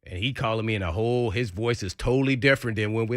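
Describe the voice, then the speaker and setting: A man's voice: lowish voice, fast talker, dry recording, studio quality. A man telling a story on a sports radio show, acting out what the players said with big jumps in his voice. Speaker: former NFL player telling a locker-room story. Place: radio studio.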